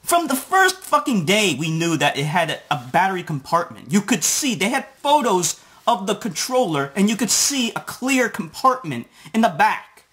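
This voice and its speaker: A man's voice: sits high, very animated, moderate pace, few pauses, a bit bright. Sarcastic man ranting with profanity. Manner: sarcastic, swearing, mocking. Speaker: video blogger.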